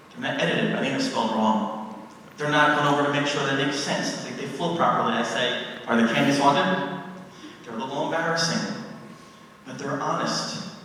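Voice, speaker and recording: A man telling a dramatic first-person ghost story to a live audience, acting out his own exclamations. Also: mid-range voice. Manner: dramatic, animated retelling with acted-out exclamations. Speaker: paranormal speaker. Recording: echoey hall, mic far off, faint noise.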